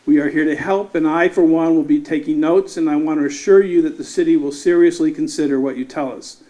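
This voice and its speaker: A man serving as city mayor, giving measured formal remarks at a town hall and acknowledging officials in the room. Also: fairly high pitch, fairly even intonation, dark tone.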